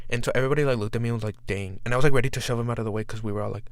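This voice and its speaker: A man's voice: mid-range voice, steady tone, rapid-fire, few pauses, a bit bright. A young man telling a travel story in a casual vlog, chatty and profane, with lots of "like" fillers. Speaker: vlogger.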